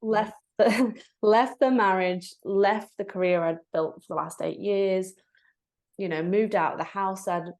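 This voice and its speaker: A breathwork facilitator tells her personal story in a podcast interview, candid and reflective, bringing quoted moments to life with animated asides. Her voice is medium in pitch and her pace is measured.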